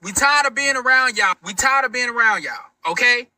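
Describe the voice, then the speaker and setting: A man rants in a defiant, profanity-heavy, emphatic manner. His voice sits very high and sounds piercingly bright. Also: brisk, no room sound, low-quality recording. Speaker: social media commentator. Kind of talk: ranting to camera.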